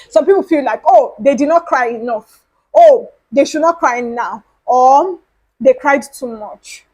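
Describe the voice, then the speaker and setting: A woman's voice: fairly high pitch, a little mellow, rough recording. A woman hosting her own podcast, talking casually and earnestly and repeating her points for emphasis. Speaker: podcast host. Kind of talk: casual solo podcast talk.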